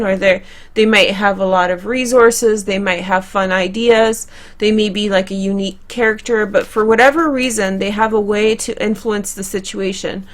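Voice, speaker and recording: A young woman talks viewers through a tarot spread in a loose, conversational way. She chats casually and often restarts a phrase or corrects herself. Her voice sits at a middle pitch for a woman. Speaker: tarot reader. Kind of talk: tarot card reading to camera.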